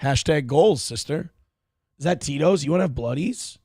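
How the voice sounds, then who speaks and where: Brash, gravelly male livestream host. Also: fairly high pitch, expressive, normal speed, dry recording, clean studio sound. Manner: loud, brash and mocking, with sudden yelled outbursts. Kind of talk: crude casual livestream commentary.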